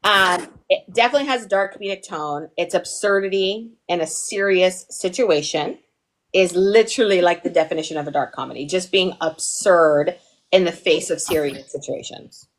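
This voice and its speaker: A woman's voice: on the low side, normal speed. A young woman from the US East Coast teaching a casual livestream lesson, chatty and playful, digressing often and asking "okay?". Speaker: online TV pitching instructor.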